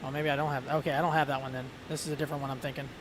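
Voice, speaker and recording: A man's voice: mid-range voice, little pitch movement, rapid-fire, noisy background. A man streaming a flight sim, chatting casually with lots of fillers and rambling asides. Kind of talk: casual chat.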